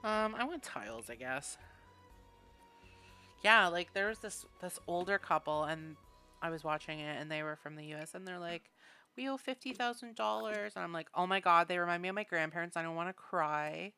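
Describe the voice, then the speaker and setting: A woman's voice: lowish voice, normal speed, bright, forceful tone, clear, resonant tone, faint music behind. A woman chatting casually and rambling, laughing often as she builds in a video game. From Canada. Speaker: gaming streamer.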